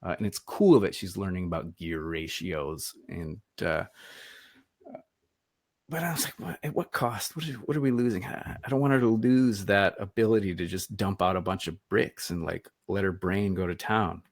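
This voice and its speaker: A man's voice: low-pitched, moderate pace, no echo. A man from Michigan giving a casual online presentation, chatty and self-deprecating with rambling asides, over a computer microphone. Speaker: webinar presenter.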